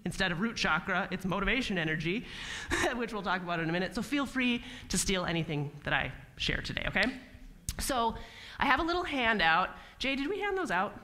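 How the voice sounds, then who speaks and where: A woman giving a spiritual talk to a live audience in a meeting hall, playful and animated, acting out little mock dialogues. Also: mid-range voice, a little fast. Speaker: guest speaker.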